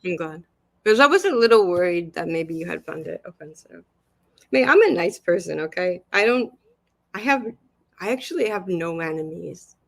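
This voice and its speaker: A woman's voice: lowish voice, lively intonation, normal speed, vocal fry. A woman in a heated casual chat, earnest and insistent, repeating herself to hold the floor.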